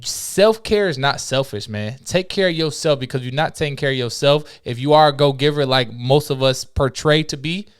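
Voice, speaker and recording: A man's voice: mid-range voice, normal speed, few pauses, clear, resonant tone. A man co-hosting a podcast, a former morning show host, giving advice in a casual, preachy way built on sayings. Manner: preachy, uses sayings, asks "right?".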